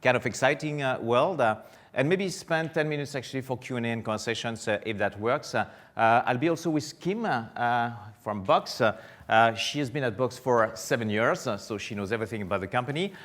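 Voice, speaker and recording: A middle-aged man with a French accent speaks to a conference audience, often pausing on filler sounds as he goes. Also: mid-range voice, a bit bright. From France. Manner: hesitant, many filler sounds. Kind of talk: conference keynote.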